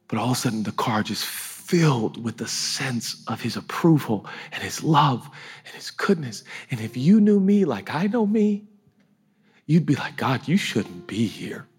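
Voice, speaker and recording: A man's voice: mid-range voice, husky. A man preaching a sermon in an emotional, conversational way, often laughing as he talks.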